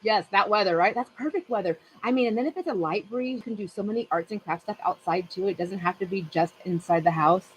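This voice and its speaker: A woman's voice: mid-range voice, quick pace, few pauses, slight background noise, poor audio. A middle-aged woman hosting a casual chat with friends, telling a rambling story and laughing often. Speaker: channel host.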